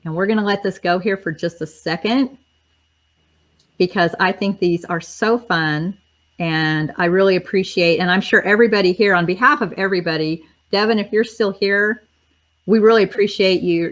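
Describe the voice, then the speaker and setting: Chatty woman, lowish voice. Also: fairly even intonation, moderate pace. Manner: chatty, upbeat, talks to viewers directly. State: voice cracking and tiring. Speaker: host. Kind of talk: casual livestream chat.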